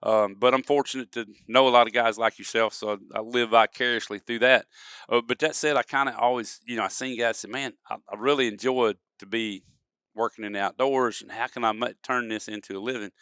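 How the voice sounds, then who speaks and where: Speaking a little fast with a steady, slightly bright tone, this man has a medium-pitched voice. He's a podcast guest and duck-calling expert who tells folksy stories and acts out examples in relaxed conversation. The studio podcast mic captures a clean, dry recording of studio quality.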